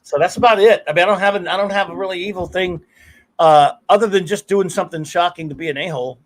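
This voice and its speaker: A middle-aged man hosts a casual live stream, winding through long anecdotes. His voice sits high for a man. He curses freely and breaks into laughs between stories. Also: quick pace. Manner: rambling storyteller, curses freely, laughs often. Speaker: podcast host.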